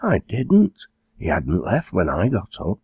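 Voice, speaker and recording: A shy, bashful young girl, voiced by a male narrator. Her lines are lifted well above his low natural voice and stay slightly husky. The speech is dry and close. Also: wildly swooping pitch, takes it slowly, no echo, exaggerated voice. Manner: quiet, bashful.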